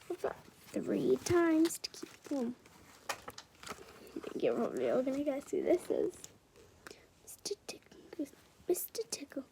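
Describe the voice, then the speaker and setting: A woman's voice: very high voice, gravelly, darkish tone. A woman reading a children's picture book aloud, often dropping to a whisper and adding chatty asides to her listeners. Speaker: storyteller.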